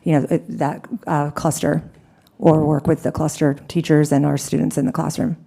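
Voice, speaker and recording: A woman's voice: deep voice, level tone, normal speed, creaky, dark tone, breathy edge. A woman on the district staff explaining a staffing question at a board meeting, hesitant and full of fillers.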